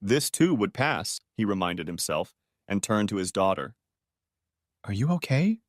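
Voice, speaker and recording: A man narrating a story in an even, measured audiobook reading style. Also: low-pitched, no room sound, clean studio sound.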